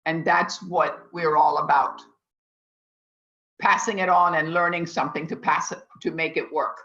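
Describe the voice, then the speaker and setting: A woman's voice: low voice, steady tone, normal speed, fairly bright tone. A woman teaching a culinary class over a video call, with a rambling, emphatic teacherly delivery. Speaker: culinary instructor. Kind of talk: online class lecture. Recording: echoey, dull lo-fi audio.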